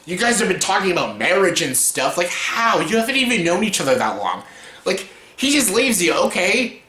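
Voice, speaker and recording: Young man, bright voice, echoey room, casual ranting review, mocking, lots of swearing. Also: high voice, very animated, normal speed, a little hiss or hum. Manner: exasperated, mocking, swears a lot, breaks into laughter. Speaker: YouTuber reviewing films.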